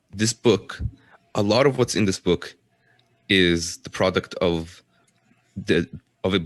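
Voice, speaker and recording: A man on a podcast panel, speaking in a measured, deliberate way. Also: low-pitched, a bit bright, no room sound. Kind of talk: casual panel discussion.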